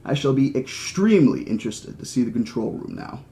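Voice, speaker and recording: A probing, sceptical thinker, read by a man who reasons his way through questions aloud. The voice sits at a middling male pitch in a spoken novel reading. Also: big pitch swings, brisk, mellow.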